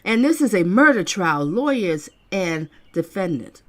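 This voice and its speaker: A woman's voice: mid-range voice, unhurried, hardly any pauses. A woman hosting her channel, commenting casually and with exasperation as she reacts to a video and reads out viewer comments. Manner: exasperated, animated, talks back at the screen. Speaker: channel host reacting to trial footage.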